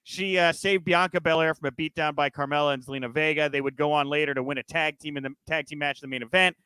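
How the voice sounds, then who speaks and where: A man's voice: on the high side, steady tone, fast talker, sharp tone, smooth, dry recording, rough recording. A man hosting a podcast, running through news in a loose, chatty way with frequent fillers and jokey asides. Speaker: podcast host. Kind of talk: casual news chat.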